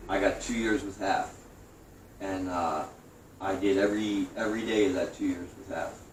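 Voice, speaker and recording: A man in his forties from New York tells his story in a lowish, profane, animated voice. The room gives it a roomy echo, and the mic sits some distance away. A faint hiss runs underneath. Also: normal speed. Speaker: guest. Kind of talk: storytelling interview.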